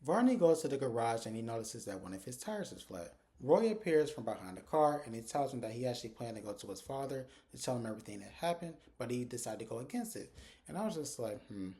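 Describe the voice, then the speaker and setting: A man's voice: medium pitch, very animated, fast, dark tone. A man talking into his phone camera in a chatty, casual recap of a TV episode, retelling scenes by quoting the characters. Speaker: TV episode reviewer.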